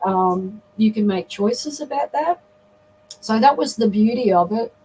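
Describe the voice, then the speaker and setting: A woman's voice: on the high side, animated, a little slow, mellow, a little hiss or hum, poor audio. A middle-aged woman, a guest on a live interview, telling a personal story in an earnest, reflective way. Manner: earnest, reflective, often acts out quoted dialogue.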